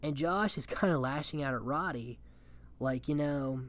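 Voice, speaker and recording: Casual recap podcaster: mid-pitched, chatty, rambling, opinionated, filler-heavy. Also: moderate pace. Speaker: podcast host. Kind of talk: casual reality-show recap commentary.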